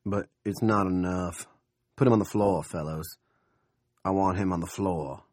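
A man voicing a smug, menacing older town boss who speaks slowly and oilily. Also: low-pitched, a little mellow, no room sound, clean studio sound.

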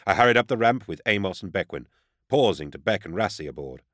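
A man reading a first-person audiobook in a steady, even storytelling manner. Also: lowish voice, fast, dry recording, studio quality. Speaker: audiobook narrator.

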